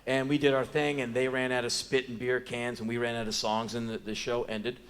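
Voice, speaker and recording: An American man in his forties tells stories on a theater stage in an emphatic, deadpan way. His voice sits at a middle pitch, and the delivery is live spoken word. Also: brisk, clear, resonant tone. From United States. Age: 40s.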